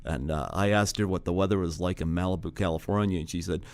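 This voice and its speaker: A man's voice: low-pitched, fairly even intonation, quick pace. A man hosting a community radio interview show, speaking casually with fillers and a friendly tone. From Canada. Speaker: radio host.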